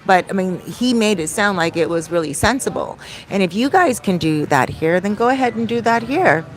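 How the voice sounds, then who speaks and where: A middle-aged woman, a soul coach and life coach, hosts a Q&A vlog, chatting casually to camera and drifting off topic as she addresses viewers directly. Her voice is medium-pitched and expressive, at a normal pace.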